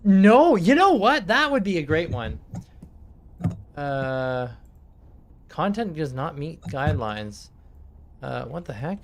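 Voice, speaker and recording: A man's voice: on the high side, very animated, takes it slowly, long pauses, slight background noise. A man chatting casually on his live stream, rambling, swearing freely and laughing often. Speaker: streamer and game master.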